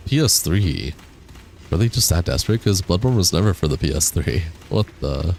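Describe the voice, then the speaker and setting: A man's voice: low-pitched, big pitch swings, moderate pace, a little mellow, a little hiss or hum. A man live-streaming a game, chatting casually and answering his viewers in a laid-back way. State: has the hiccups. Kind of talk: casual live-stream chat while gaming. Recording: game music clearly behind the voice. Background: game music.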